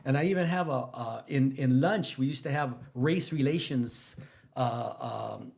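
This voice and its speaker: Rambling, emphatic male teacher, mid-pitched voice, casual podcast storytelling. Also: normal speed. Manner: animated, rambling, jumps between stories, emphatic pitch rises. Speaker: guest, teacher.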